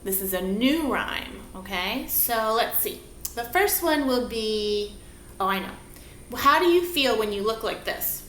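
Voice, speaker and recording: A woman teaching a movement lesson for young children, prompting them with slow, sing-song questions, recorded on a camera mic across a room. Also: a little high, animated, fairly bright tone. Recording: echoey room, faint background hiss.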